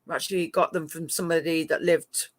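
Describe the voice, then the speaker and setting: In a medium-pitched voice with little pitch movement, a middle-aged English host and moderator speaks a little fast on a dry recording. They chat casually with live-stream viewers in a mixed northern-southern accent, laughing often and talking to pet cats.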